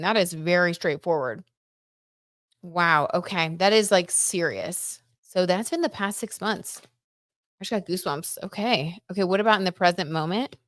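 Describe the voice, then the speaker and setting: A woman in a chatty, casual tarot livestream, her voice low for a woman. She talks loosely, dotting her speech with "like" and "I don't know". The sound is dry and close to the mic. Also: fairly bright tone, dry recording. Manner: chatty, reads viewer comments aloud, frequent "like" and "I don't know". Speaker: tarot reader and livestream host.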